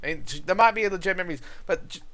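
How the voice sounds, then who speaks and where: High, lively man reacting bluntly. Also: very fast. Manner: blunt, profane, emphatic reactions. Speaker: reader commenting. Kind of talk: casual reaction commentary.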